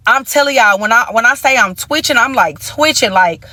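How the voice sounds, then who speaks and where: A woman recounting a personal story for her vlog, swearing freely and hammering each point with heated emphasis. Her voice sits a bit higher than most, and the recording is close and dry with no room sound. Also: moderate pace, hardly any pauses, no room sound. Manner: animated, profane, emphatic retelling. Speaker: storytime vlogger.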